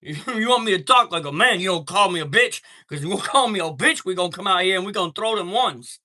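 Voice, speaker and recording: A man's voice: sits high, brisk, bright, forceful tone. A man hosting a live stream, telling a heated story in a profane, streetwise way and greeting viewers from chat.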